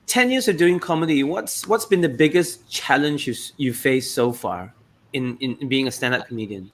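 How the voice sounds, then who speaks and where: A man co-hosting a podcast, asking questions and reacting in a relaxed, casual way. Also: medium pitch, moderate pace. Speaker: podcast co-host. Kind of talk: casual interview chat.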